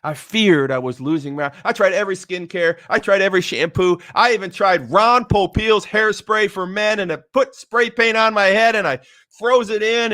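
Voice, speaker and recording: A middle-aged man with a high voice delivers a motivational talk, excitable and emotional. He repeats phrases to drive points home and swings between quiet low emphasis and loud, eager bursts. The sound is dry and close. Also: no echo. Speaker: motivational speaker.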